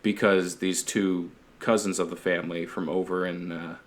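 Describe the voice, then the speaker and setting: A man's voice: deep voice, level tone, normal speed. A man hosting a podcast, chatting casually, rambling, swearing freely and laughing often. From Canada. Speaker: podcast host. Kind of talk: casual chat.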